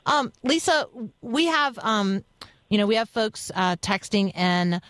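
A woman's voice: mid-range voice, animated, unhurried, a bit bright, dry recording. A woman hosting a radio interview in a studio, friendly and reading out promos and listener requests. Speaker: radio host.

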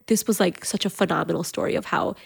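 A woman guest on a podcast, telling a personal family story in an emotional, animated way, with many fillers. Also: lowish voice, quick pace, creaky, slightly rough, soft background music.

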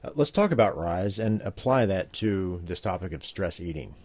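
A man's voice: deep voice, animated, moderate pace, a little mellow. A man co-hosting a talk show, reading promos and setting up topics in a friendly announcer manner. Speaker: co-host.

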